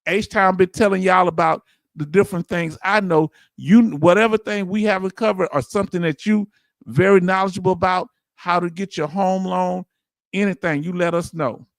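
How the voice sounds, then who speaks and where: A man hosting a livestream, talking casually and warmly straight to his viewers, often repeating himself for emphasis. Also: high voice, no echo. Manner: animated, talks straight to viewers, repeats "let me tell you something". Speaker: livestream host.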